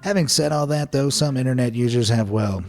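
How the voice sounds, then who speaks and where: A man's voice: mid-range voice, fairly quick, soft background music. A man narrating a scripted video, with playful, wry asides.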